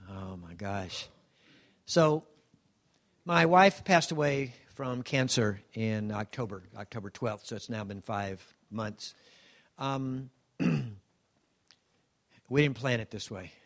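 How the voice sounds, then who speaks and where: A man in his seventies giving a heartfelt personal testimony, halting and emotional with many restarts and gentle self-deprecating humor. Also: fairly low pitch. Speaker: speaker sharing a personal testimony.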